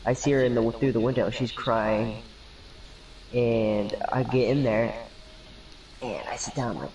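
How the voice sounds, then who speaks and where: A man's voice: on the low side, moderate pace, creaky, a little mellow, distant mic, a little hiss or hum, rough recording. A young man telling a rambling story over voice chat while gaming, laughing often and acting out the lines of the people in it.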